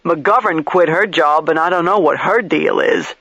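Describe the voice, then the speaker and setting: A man's voice: fairly high pitch, moderate pace, gravelly, pushed and bright, dry recording, muffled recording, full character voice. A man voicing a crude, belligerent middle-aged male police detective who is drunk and swearing.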